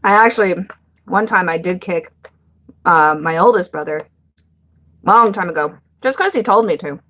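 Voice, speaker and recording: A woman's voice: on the low side, expressive, normal speed, fairly bright tone, a little hiss or hum. A young woman hosting a casual live stream, chatting bluntly with viewers, swearing freely and laughing often.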